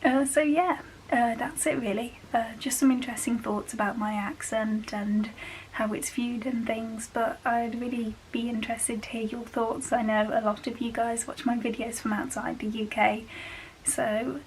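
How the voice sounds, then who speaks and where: A woman's voice: fairly high pitch, steady tone, moderate pace, slight background noise, poor audio. A young woman from England with a Black Country accent, chatting casually to camera as a vlogger and laughing often. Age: young adult.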